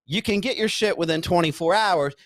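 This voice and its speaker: A man's voice: high-pitched, fairly quick, no room sound. A man telling a rehab story in casual podcast chat, laughing often and acting out what people said. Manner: animated storyteller, yells out quoted lines, laughs often.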